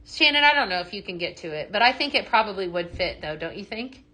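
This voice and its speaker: Bright-voiced gushing woman selling live. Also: mid-range voice, big pitch swings, fast. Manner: gushing, many ums, reads out viewer comments. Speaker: live shopping show host. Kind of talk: live product demo chat.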